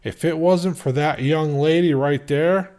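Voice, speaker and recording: A man's voice: a little high, unhurried, darkish tone, pitched above the performer's own voice, lightly acted. A man voicing a stern armed father who talks in a hard, lecturing, emphatic way. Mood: menacing.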